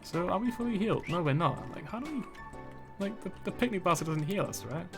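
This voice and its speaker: A man's voice: high voice, animated, fairly quick. A man streaming a game, thinking aloud with wry, easygoing commentary over game music. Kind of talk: casual gameplay commentary.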